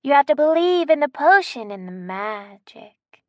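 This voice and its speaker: A woman's voice: high-pitched, very animated, unhurried, darkish tone, dry recording, highs cut off, pitched above the performer's own voice. A woman doing a sing-song old herbalist. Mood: sly.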